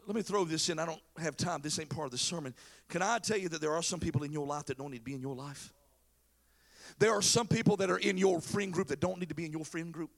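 A man preaching a sermon as pastor, telling a story with lively, casual acted-out voices. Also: fairly high pitch, quick pace, gravelly. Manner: animated storytelling, acting out biblical characters in casual slang.

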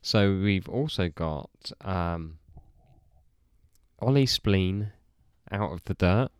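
A man hosting a podcast, easygoing and a little halting as he reads out picks and signs off. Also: deep voice, animated, clean tone, no echo, clean studio sound. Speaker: podcast host. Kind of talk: casual chat.

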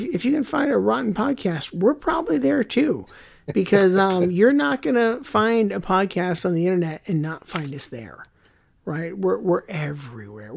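A man's voice: sits high, creaky. A man co-hosting a podcast, rambling and joking through the sign-off with lots of fillers. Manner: rambling, jokey, filler-heavy. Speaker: podcast co-host. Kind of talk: casual podcast sign-off chat.

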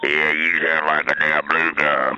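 A man in a played clip, taunting the other speaker in a flat, repetitive way. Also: very deep voice, a little slow, background noise. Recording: tinny phone-like clip with music.

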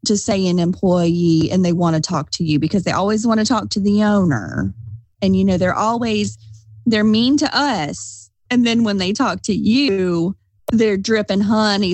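A woman's voice: medium pitch, darkish tone, no room sound, rough recording. A woman hosting a podcast, chatty and frank, joking with her guest. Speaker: podcast host. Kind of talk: casual podcast chat.

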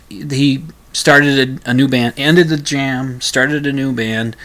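A man hosts his own show in a medium-pitched, fairly bright voice, rambling casually about music. He fumbles and restarts his sentences and throws in self-mocking asides.

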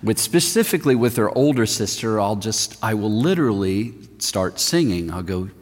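A man's voice: fairly low pitch, normal speed. Man preaching in a reverberant hall. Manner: animated storytelling, swinging from loud emphasis to hushed near-whisper. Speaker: pastor. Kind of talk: sermon. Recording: long reverb of a large hall.

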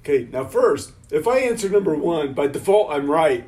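A man's voice: a little high, expressive, normal speed, darkish tone, husky. Sarcastic swearing man on a podcast. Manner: sarcastic, swears freely, joking. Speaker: podcast co-host answering quiz. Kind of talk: casual chat.

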